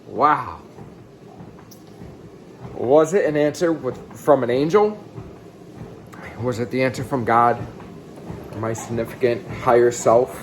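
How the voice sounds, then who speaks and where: A man in his thirties telling his own life story in a blunt, casual way. He swings between excited outbursts and quiet, low asides. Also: a little hiss or hum, rough recording. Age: 30s. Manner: blunt and casual, with some swearing. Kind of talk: candid personal storytelling.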